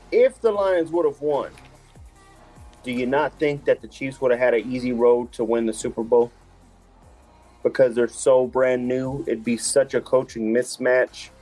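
A man's voice: mid-range voice, mellow. Blunt man with music underneath. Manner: blunt, emphatic. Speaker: podcast panelist. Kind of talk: casual sports opinion.

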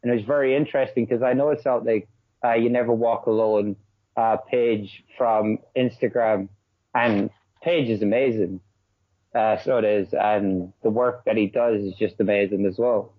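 A podcast guest with a fairly low voice talks brashly in a casual chat, swearing a lot and speaking fast and animated. He comes through a tinny call line that's dry with no echo.

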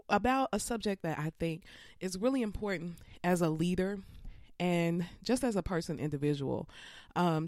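A woman's voice: sits low, darkish tone, no room sound. Woman, podcast host, stuffy congested voice, earnest reflective talk, dry close sound. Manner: earnest, with frequent um fillers.

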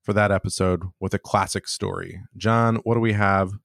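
A man's voice: low-pitched, steady tone, normal speed, gravelly, a bit bright, no echo, clean studio sound. Joking podcast co-host man. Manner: joking, mock-angry banter. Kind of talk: casual podcast chat.

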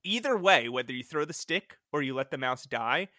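Man, casual podcast chat, animated, swooping lively pitch, bright tone, dry close sound. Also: moderate pace, no echo. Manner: animated, laughs often, acts out reactions. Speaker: podcast co-host.

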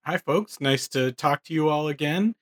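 A man stepping in as interviewer on a podcast, easygoing and relaxed. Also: on the high side, moderate pace, no room sound. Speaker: guest interviewer.

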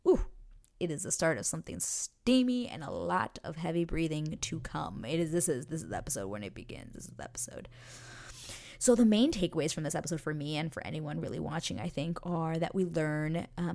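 Low, gravelly-voiced woman gushing casually. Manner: gushing, chatty, full of fillers and restarts. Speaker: podcast host recapping a TV series. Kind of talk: casual chat.

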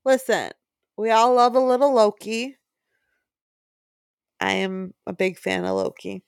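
A woman's voice: medium pitch, measured pace, creaky, clear, resonant tone, no echo, studio quality. A woman co-hosting a casual podcast chat, giggly and rambling, pressing her points with emphasis. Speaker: podcast co-host.

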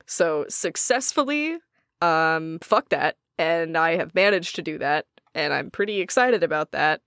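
A woman's voice: deep voice, animated, unhurried, fairly bright tone, no echo, clean studio sound. A woman with a faint Southern US accent, co-hosting a casual podcast, giggly and swearing freely. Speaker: podcast co-host. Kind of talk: casual chat.

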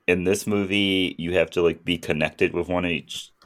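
A man's voice: deep voice, steady tone, moderate pace, a bit bright. A man co-hosting a podcast, casually recapping a movie's plot and acting out its characters' lines. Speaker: podcast co-host.

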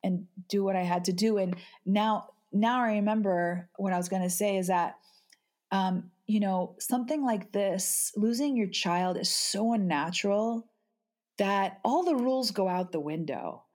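Halting, emotional woman guest. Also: mid-range voice, darkish tone. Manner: halting, repeats words, restarts often. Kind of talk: emotional podcast conversation.

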